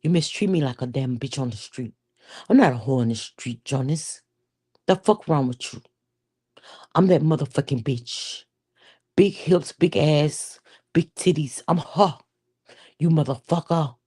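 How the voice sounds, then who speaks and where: Scorned woman, low mellow voice, foreign accent, cursing rant, put on by a woman. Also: a little slow, long pauses, slightly rough. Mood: furious. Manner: foul-mouthed ranting, put-on foreign accent. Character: furious scorned township woman cursing her cheating man.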